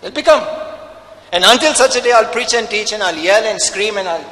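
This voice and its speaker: A man's voice: high voice, lively intonation, brisk, pushed and bright, in a large hall, poor audio. A man preaching a sermon as pastor, emphatic and full of rhetorical questions.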